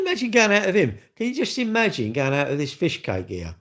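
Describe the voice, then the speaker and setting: Here a man's high-pitched voice swoops wildly as he speaks briskly, with a somewhat bright tone. He's a livestreamer at home beside his kitchen, sarcastically mocking viewer comments during a casual chat.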